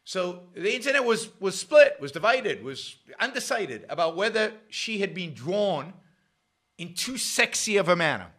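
A middle-aged man hosting a show, talking in a sarcastic, animated commentary with frequent restarts. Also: sits high. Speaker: show host. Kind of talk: casual commentary monologue.

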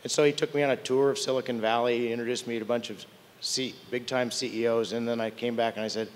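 Older male panelist, candid and wry, trips over his words, mid-pitched voice, long hall reverb. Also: fairly even intonation, fast talker, a little hiss or hum. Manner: candid, wry, stumbles and restarts. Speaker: tech panelist. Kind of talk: conference panel storytelling.

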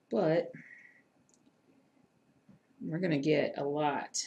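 Casual woman streamer with a slightly low, gravelly voice, chatting to viewers and muttering to herself. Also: slow, long pauses, a little mellow, slight background noise. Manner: chatty, self-deprecating, talks to chat, mutters to herself. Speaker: cross-stitch streamer. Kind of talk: casual live-stream chat while stitching.

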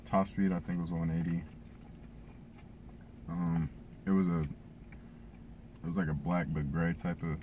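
A man's voice: low-pitched, little pitch movement, takes it slowly, pauses often, mellow, a little hiss or hum. A man joining a casual mukbang as the guest, laid-back and giving short answers. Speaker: guest cousin.

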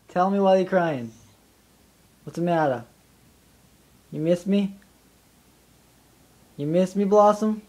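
A man in a casual home video, teasing his dog with repeated shouted questions and swearing. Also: high-pitched, slow pace, pauses often. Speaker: dog owner.

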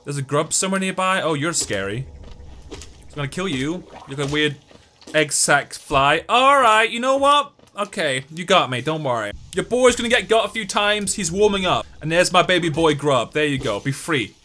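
Excitable gamer guy. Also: a little high, normal speed, a little hiss or hum. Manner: excitable and joking, talks to the game. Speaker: gaming YouTuber. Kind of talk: let's-play commentary.

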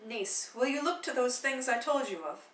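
A woman's voice: a little high, animated, normal speed, a bit bright, roomy sound, far from the mic, poor audio. A woman voicing an older nobleman, a proud and fond father, talking in a chatty fatherly way in a play reading.

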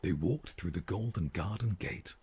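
A man narrating a rhyming bedtime story for a game in a measured storytelling cadence. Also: low-pitched, animated, a little mellow, slight background noise.

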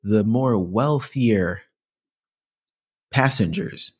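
A man's voice: fairly low pitch, drawn-out words, breathy edge. A man co-hosting a history podcast in casual chat, rambling with many fillers. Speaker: podcast co-host.

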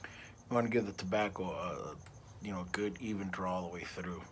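A man's voice: deep voice, normal speed, slight background noise. A middle-aged man reviewing a cigar in a casual vlog, rambling and ranting with plenty of profanity.

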